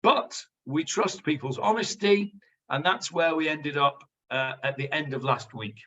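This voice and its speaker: A man with a slightly high, bright and forceful voice teaches a Talmud class over a video call at a measured pace. He's chatty and explains Hebrew words to his students, but he's far from the mic and the lo-fi audio sounds dull.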